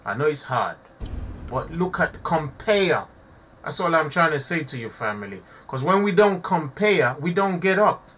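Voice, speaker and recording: A man's voice: a little high, big pitch swings, normal speed, a bit bright, far from the mic, a little hiss or hum. A man giving impassioned live commentary to his audience, preaching and repeating himself, often calling listeners family. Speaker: online preacher.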